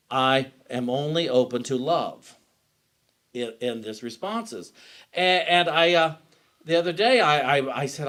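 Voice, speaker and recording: A man's voice: mid-range voice, moderate pace, a bit bright. A man giving a sermon as pastor, talking in a personal, conversational way and often restarting his sentences. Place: church sanctuary.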